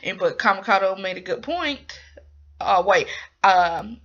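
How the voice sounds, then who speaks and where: A woman's voice: mid-range voice, lively intonation, unhurried, fairly bright tone. A young woman casually recapping a drama episode, rambling with lots of ums and likes. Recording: dull lo-fi recording.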